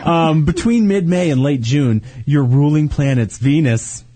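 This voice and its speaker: A man's voice: a little high, measured pace, dark tone, no echo. A man co-hosting a casual chat show, reading horoscopes aloud with jokes and laughs. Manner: joking, laughs often, stumbles while reading. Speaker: podcast host.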